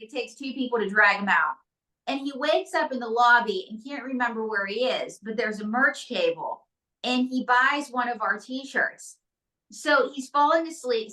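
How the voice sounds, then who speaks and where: A woman ventriloquist as an interview guest, telling quick, jokey stories. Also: a little high, bright, forceful tone, recorded from a distance, poor audio. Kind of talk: comedic interview chat.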